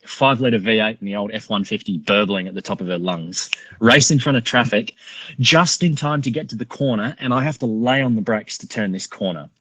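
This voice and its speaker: Profane, bright-voiced Australian man. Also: lowish voice, fairly quick, low-quality recording. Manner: profane, animated storyteller. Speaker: podcast guest. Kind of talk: casual storytelling.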